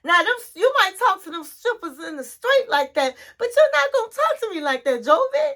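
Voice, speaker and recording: A woman voicing a tearful, outraged young wife who shouts and sobs at her husband. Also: big pitch swings, normal speed, exaggerated voice. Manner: shrill, sobbing, shouting.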